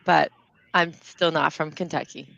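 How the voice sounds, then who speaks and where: A woman's voice: deep voice, steady tone, gravelly, fairly bright tone, no echo, muffled recording. Chatty Southern woman co-host. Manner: chatty, rambling, quick to laugh. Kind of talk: casual chat.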